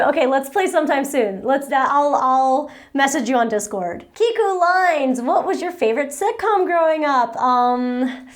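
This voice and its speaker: A woman's voice: high-pitched, animated, unhurried. A young woman from New Jersey answering viewer questions in a casual, rambling vlog chat, often laughing at herself. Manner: chatty, rambling, self-deprecating. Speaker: vlogger. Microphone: battery-powered microphone.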